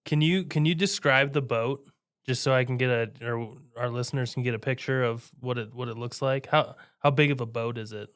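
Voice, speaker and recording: A man hosting a podcast, asking questions in a halting way, repeating his words. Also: mid-range voice, a bit bright, clean tone, no room sound, clean studio sound. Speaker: podcast host. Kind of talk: interview questions.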